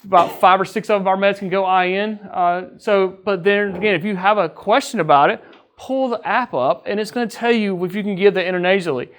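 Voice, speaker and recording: A man's voice: high-pitched, a little fast. A man who works as an EMS training officer gives a casual training lecture to his crew. He talks in a conversational way, joking with them and often checking in with "right?". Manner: jokes with the crew.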